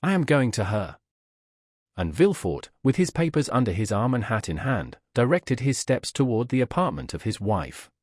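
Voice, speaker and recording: A man narrating a classic novel as an audiobook, with a measured, expressive reading. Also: medium pitch, no room sound, clean studio sound.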